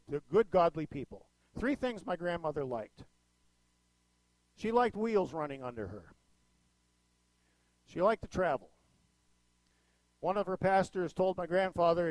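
With a high, lifted voice, a middle-aged male pastor delivers a folksy sermon. His storytelling swings animatedly in pitch and loudness, and the sound is dry and close, with little room echo.

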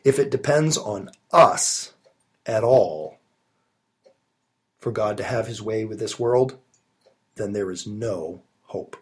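A man's voice: on the low side, slow, long pauses, breathy edge. A man preaching a sermon, recorded alone in his study while he has a cold, earnest and emphatic with rising stresses. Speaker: pastor.

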